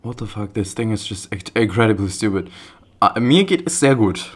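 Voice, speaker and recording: A man's voice: fairly low pitch, animated, a little fast. A man whose first language is German, trying out a phone AI agent in casual, frustrated commentary. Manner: frustrated, profane, offhand. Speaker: vlogger testing a phone AI agent.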